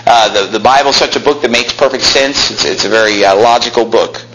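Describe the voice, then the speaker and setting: A man's voice: medium pitch, brisk, fairly bright tone, slight background noise, low-quality recording. A young man preaching a sermon as pastor, reading scripture aloud in an old-fashioned cadence and rising to emphatic, angry bursts.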